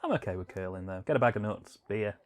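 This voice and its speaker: A man's voice: fairly low pitch, expressive, fast talker, a little mellow. A young man co-hosting a comedic film commentary, bantering wryly and laughing often.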